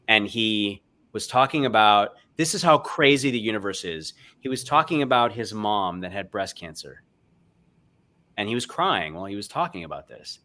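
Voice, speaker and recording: Earnest man on a video call. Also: lowish voice. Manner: earnest, emotional, swings between loud and hushed. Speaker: guest speaker. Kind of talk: heartfelt motivational chat.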